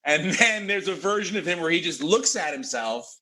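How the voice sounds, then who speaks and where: A male comedian on a video call, riffing on absurd scenarios. His voice is a touch high and bright. He teases the others freely. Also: expressive, moderate pace. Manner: riffing, teasing. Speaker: comedian guest. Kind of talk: casual comedy banter.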